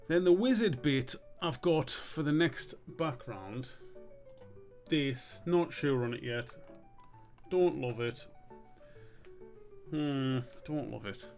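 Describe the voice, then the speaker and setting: Relaxed man musing aloud. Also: mid-range voice, creaky. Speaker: streamer and cartoon maker. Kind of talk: casual commentary while drawing.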